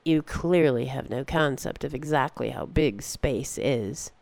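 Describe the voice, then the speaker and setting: A narrator voicing a calm, mysterious old woman who has travelled space, speaking in an unhurried, cryptic way. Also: mid-range voice, gravelly, no echo.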